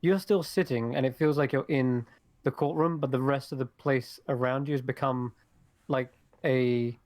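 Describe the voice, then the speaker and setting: Brief: male game master, mid-pitched and dry-sounding, halting descriptive narration. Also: steady tone, a little mellow, no room sound. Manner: hesitant narration with many fillers.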